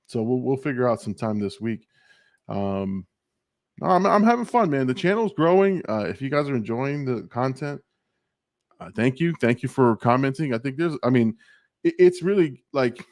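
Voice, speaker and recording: A man's voice: medium pitch, no room sound. Just a guy hosting a live show, chill chatty delivery, cussing and laughing, dry mic. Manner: laughing, swearing storyteller. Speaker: show host. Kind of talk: casual live-stream chat.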